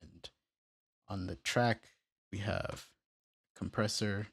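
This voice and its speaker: A man casually walking through how he built a beat, step by step, in a relaxed, plain way. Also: on the low side, slow pace, husky, no room sound. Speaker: music producer tutorial host. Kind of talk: casual screen-recorded tutorial.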